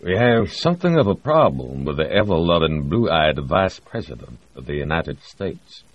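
A gruff, gravelly project director with a South Texas drawl, put on by a male audiobook narrator. He talks blunt and folksy, his low voice swinging widely in pitch. The read is dry and a little muffled. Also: big pitch swings, normal speed, dry recording, full character voice. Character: gruff middle-aged American project director, ex-Texan. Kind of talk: audiobook character voice.

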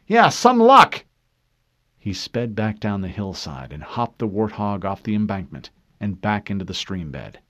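Male narrator, low and lively delivery, measured dramatic reading, dry dull sound. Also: no room sound. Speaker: audiobook narrator. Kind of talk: scripted narration.

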